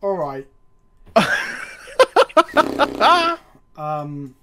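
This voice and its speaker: A streamer chatting casually while playing an online card game, swearing often and breaking into loud laughter. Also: mid-range voice, drawn-out words, clear, resonant tone. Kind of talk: casual live-stream chat.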